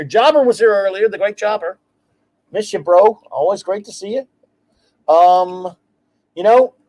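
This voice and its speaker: Man, high-pitched voice, livestream host, rambling and eager, warm shout-outs, casual chat. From United States.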